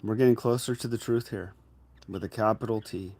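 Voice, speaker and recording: A man with a fairly low voice talking casually about spiritual matters. He speaks in a reflective, conversational way and addresses the listener directly. Now and then he jumps into sudden, loud, acted-out inner voices. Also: steady tone, a little fast. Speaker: spiritual teacher.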